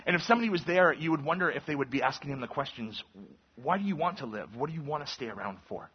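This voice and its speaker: Pastor in his 30s, teaching-style sermon, a bit high and husky, muffled lo-fi recording. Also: lively intonation, quick pace. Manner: conversational Bible teaching, acts out quoted speech.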